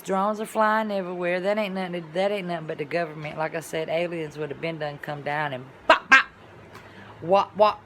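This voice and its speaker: A woman's voice: lowish voice, bright, forceful tone, a little hiss or hum. A woman vlogger talking in a casual, rambling monologue, with colloquial, folksy phrasing and sound-effect words.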